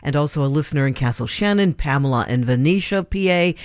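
A man hosting a live radio pledge drive, making urgent, animated appeals for donations. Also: on the high side, fast talker, clean tone, dry recording, studio quality. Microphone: studio microphone.

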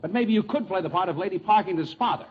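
A man hosting a 1940s radio comedy with a jovial manner and quick laughs. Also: high voice. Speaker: comedy show host. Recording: lo-fi old radio broadcast with hiss.

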